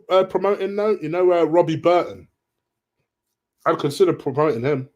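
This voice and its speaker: A man's voice: fairly high pitch, sing-song, normal speed, darkish tone. A man hosting a casual live stream, reading viewers' questions aloud and answering them in a chatty way.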